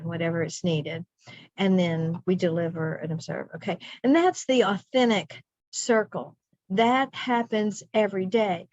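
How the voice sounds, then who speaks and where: A woman's voice: mid-range voice, a little mellow, no echo. Upbeat middle-aged woman leading a teacher workshop. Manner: chatty and upbeat with playful asides. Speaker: teacher trainer. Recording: dry dull lo-fi recording.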